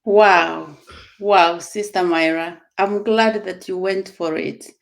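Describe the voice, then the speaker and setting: A woman's voice: on the low side, steady tone, slow, gravelly. A woman responding in a group conversation, affirming and prayerful, praising the other speaker. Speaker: company supporter in a group conversation.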